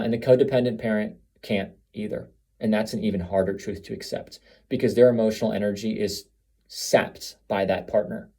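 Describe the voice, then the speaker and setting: A man's voice: on the low side, warm tone. A man giving a reflective, conversational monologue to camera, asking many rhetorical questions. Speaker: video speaker on family dynamics.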